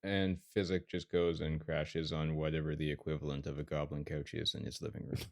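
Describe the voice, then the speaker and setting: A man's voice: rumbling low, level tone, brisk, gravelly, darkish tone, dry recording. A man playing a tabletop game, dry and joking. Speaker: player.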